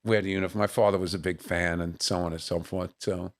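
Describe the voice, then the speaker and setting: A man's voice: deep voice, fast talker. A middle-aged male comedian chatting in an interview, telling family stories with lots of fillers and bursts of laughter. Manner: animated storyteller who acts out family voices. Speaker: guest comedian. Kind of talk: casual storytelling interview.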